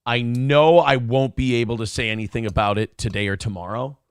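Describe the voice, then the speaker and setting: A man's voice: mid-range voice, fairly even intonation, fairly quick, smooth, dry recording, studio quality. A man hosting a morning talk show, telling stories in a brash, profane, boastful way. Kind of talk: casual talk show rant.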